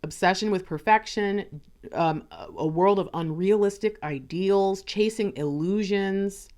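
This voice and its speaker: A woman's voice: mid-range voice, a little slow, darkish tone. A woman giving a casual tarot card reading, chatty, often acting out little conversations in other voices. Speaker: tarot reader.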